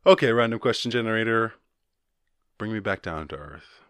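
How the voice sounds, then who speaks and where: A man's voice: on the low side, expressive, moderate pace, fairly bright tone, clean tone, no echo, clean studio sound. A man hosting a solo podcast, rambling and swearing casually with many restarts. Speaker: podcast host.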